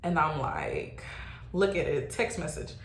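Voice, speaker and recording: A young adult woman telling a casual storytime, animated and exclaiming, swearing freely. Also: low voice, unhurried, a little hiss or hum. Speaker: vlogger. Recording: roomy echo.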